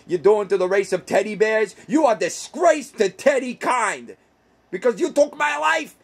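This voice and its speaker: A man voicing a small, foul-mouthed male teddy bear with anger issues, ranting in a comedic puppet vlog with a husky voice. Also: sits high, darkish tone. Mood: screaming rage. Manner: ranting, vengeful, over-the-top.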